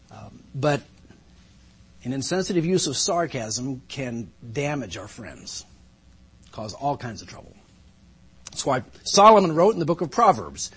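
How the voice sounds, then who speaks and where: Pastor, male, fairly high husky voice, measured sermon delivery, dry humor. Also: bright, forceful tone. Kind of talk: sermon with opening prayer. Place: church sanctuary.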